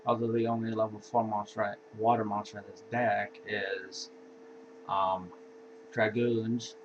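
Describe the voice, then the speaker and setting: Slow, laid-back man with a dull lo-fi sound. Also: fairly low pitch, flat delivery. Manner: laid-back, offhand, sighing and yawning. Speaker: card game deck reviewer. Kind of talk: casual deck walkthrough. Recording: dull lo-fi home recording with faint hiss.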